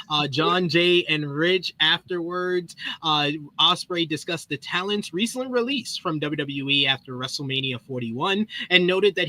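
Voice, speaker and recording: A man hosting a podcast with a bright, forceful voice that sits a little high. He talks in an upbeat, rambling way, stumbling and restarting as he reads news and chats. The sound is dry and close. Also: no room sound. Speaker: podcast host. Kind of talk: casual podcast chat and news reading.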